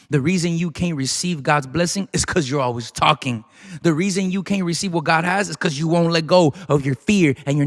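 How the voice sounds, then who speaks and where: A man's voice: on the high side, big-room sound. A man preaching a sermon with emphatic, repetitive, urgent exhortation.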